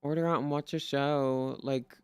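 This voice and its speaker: A man's voice: mid-range voice, steady tone, moderate pace, clean tone, no echo, studio quality. A man streaming and chatting casually, rambling and swearing as he gives friendly advice in a playful put-on Southern drawl. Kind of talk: casual chat.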